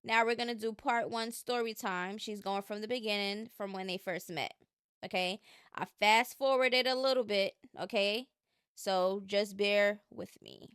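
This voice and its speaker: A woman's voice: mid-range voice, fairly even intonation, measured pace, fairly bright tone, clean tone, dry recording, studio quality. A woman hosting a casual gossip commentary, talking in an opinionated, chatty way and drawing out her emphasis. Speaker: commentary channel host.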